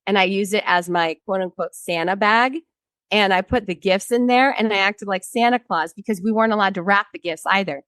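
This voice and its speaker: A woman's voice: medium pitch, a little fast, fairly bright tone, dry recording. A woman in her thirties, a guest in an interview, telling a personal story bluntly and with frequent swearing, acting out what other people said.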